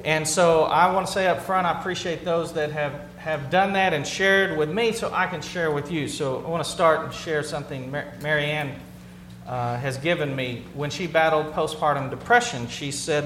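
High-voiced pastor in a roomy hall. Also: male voice, fairly even intonation, moderate pace, a bit bright. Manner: earnest, plain-spoken, repeats and restarts phrases. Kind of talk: conversational sermon. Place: church sanctuary with a congregation. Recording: roomy hall sound with faint hum.

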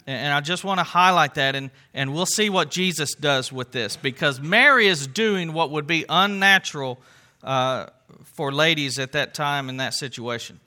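A man's voice: on the high side, moderate pace, pushed and bright. A man preaching a sermon, telling stories and putting questions to his listeners. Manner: storytelling, asks the congregation questions. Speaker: pastor.

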